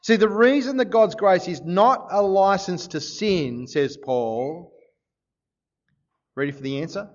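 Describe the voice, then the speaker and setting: A man preaching a sermon to a congregation, lively and joking, often asking his listeners questions. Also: high-pitched, measured pace, muffled recording. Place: church service before a congregation.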